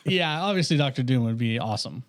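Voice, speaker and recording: A man co-hosting a podcast, chiming in with quick interjections during casual chat. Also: mid-range voice, expressive.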